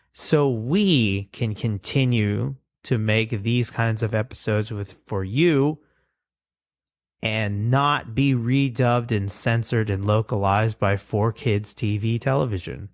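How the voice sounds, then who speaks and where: A man co-hosts a casual podcast chat at an unhurried pace and a middle pitch. His voice is dry and close, with no room sound. He talks in a relaxed way and reads out the show's plugs. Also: dry recording. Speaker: podcast co-host.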